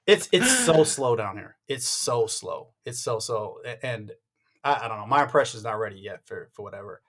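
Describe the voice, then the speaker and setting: A man co-hosting a casual sports chat, animated and stammering, with many restarts, acting out what others said. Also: fairly low pitch, moderate pace. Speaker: podcast co-host.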